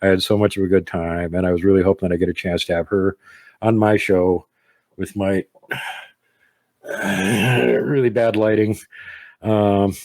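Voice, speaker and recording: A man's voice: deep voice, fairly even intonation, unhurried, long pauses, a little mellow, no room sound. An American man hosting an online show in casual chat, joking and rambling with self-deprecating humor. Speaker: podcast host.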